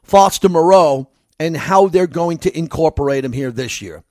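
A man's voice: on the high side, expressive, moderate pace, a little mellow, no echo. A man with a New York accent giving a solo sports commentary as host, in a conversational, rambling way.

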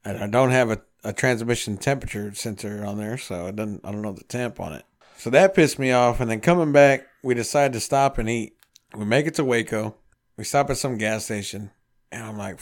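A man's voice: lowish voice, brisk. Profane man telling a story. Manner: profane, animated storyteller acting out dialogue. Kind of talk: casual storytelling chat.

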